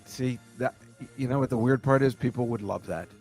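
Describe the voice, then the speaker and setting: Guy hosting a chill chat show, middle pitch, rambly, lots of ums and uhs. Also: darkish tone, faint music behind. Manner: rambling, halting, full of fillers. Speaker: podcast host. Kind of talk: casual chat.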